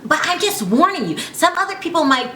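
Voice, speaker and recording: A woman's voice: high-pitched, fairly quick. A woman vlogger giving casual gossip commentary to camera in a chatty, opinionated way. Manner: chatty, opinionated, animated asides. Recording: echoey room with faint ambient noise.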